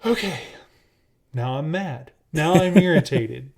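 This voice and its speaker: A man's voice: mid-range voice, measured pace, darkish tone. A man co-hosting a casual podcast, telling a story in a rambling way with lots of fillers and restarts. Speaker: podcast co-host.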